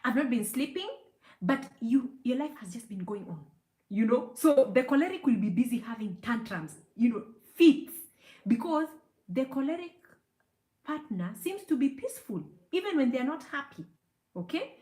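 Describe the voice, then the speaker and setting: A woman's voice: high voice, big pitch swings, normal speed, dark tone. A middle-aged woman counseling psychologist giving an emphatic teaching talk, dotted with "you know" and "okay?" asides. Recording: echoey room.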